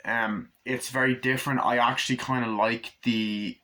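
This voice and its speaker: A man's voice: medium pitch, level tone, moderate pace, bright, forceful tone. A man giving a casual movie recap, rambling through it with lots of fillers. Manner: rambling retelling with many fillers. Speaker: movie reviewer.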